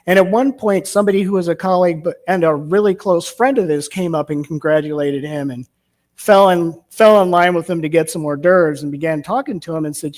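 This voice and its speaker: A man delivers a Sunday message in a church sanctuary. His voice sits a bit on the high side. He speaks in a storytelling way and often turns to rhetorical questions. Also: brisk, darkish tone. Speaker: minister. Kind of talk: sermon.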